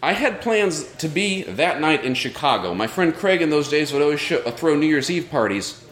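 Male live storyteller, earnest, reflective, animated pitch, roomy live sound. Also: moderate pace. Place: live show at a brewery.

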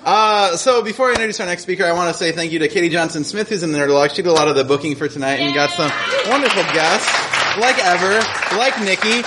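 A man's voice: high-pitched, fast. A man hosting a live storytelling show, introducing the next speaker with loose, joking asides. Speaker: host. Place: coffee shop stage. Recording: noisy live room with crowd.

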